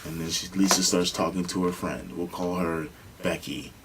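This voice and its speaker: Deep-voiced and speaking at a normal pace, a young man co-hosts a podcast and spins stories in relaxed conversation. He brings the stories to life by performing the voices he quotes. There's a bit of hiss or hum on the rough recording.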